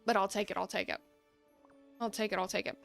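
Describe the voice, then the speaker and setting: A woman's voice: medium pitch, fairly even intonation, quick pace, vocal fry, faint music behind. A young woman hosting a casual gameplay video, playful and giggly, reading game dialogue aloud. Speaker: gaming video host.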